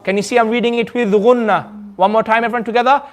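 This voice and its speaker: A man with a notably high voice leads a group tajweed class. He explains each rule patiently and repeats it often. He stretches the recited words out slowly for the class to follow. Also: steady tone, a little hiss or hum. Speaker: Quran recitation teacher. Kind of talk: tajweed lesson with call-and-response recitation. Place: community centre classroom.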